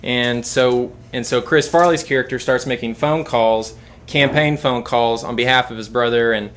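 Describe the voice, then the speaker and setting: A man's voice: mid-range voice, normal speed, a bit bright. Rambling young man giving an informal sermon. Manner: rambling, repeats words, many restarts.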